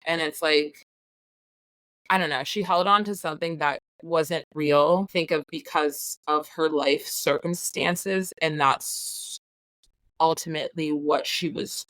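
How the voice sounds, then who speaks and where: A woman guest on a podcast talking casually about a film, animated, laughing often and acting out her own reactions. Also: sits low, no echo.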